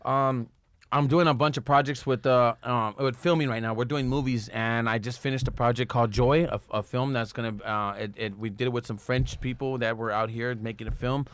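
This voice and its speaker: A man's voice: medium pitch, steady tone, a little fast, fairly bright tone, clean tone, no echo. A man talking as a podcast guest, rambling and crude, with plenty of fillers and restarts. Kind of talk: casual chat.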